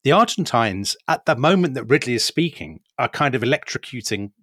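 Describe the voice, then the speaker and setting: A man telling a history story in a casual podcast conversation, animated and often laughing as he talks. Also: mid-range voice, brisk, dry recording, studio quality. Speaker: guest storyteller explaining history.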